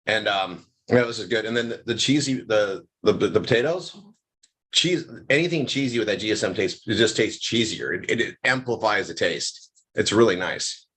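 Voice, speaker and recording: Give me a husky, low-voiced man rambling through a casual chat as he tastes food and wine. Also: lively intonation, normal speed, a bit bright. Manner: rambling, restarts often, savoring food aloud. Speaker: host.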